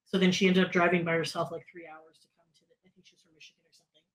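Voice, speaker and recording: In rapid-fire, flat delivery, a Canadian podcast co-host chats through a story with lots of fillers, performing other people's lines in higher voices. The recording quality is low.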